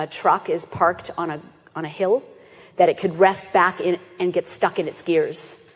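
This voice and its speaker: Woman telling a story in a reverberant hall. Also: fairly low pitch. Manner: animated, acts out quoted voices. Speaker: animal sanctuary founder giving a talk. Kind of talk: storytelling presentation. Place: festival stage in a hall.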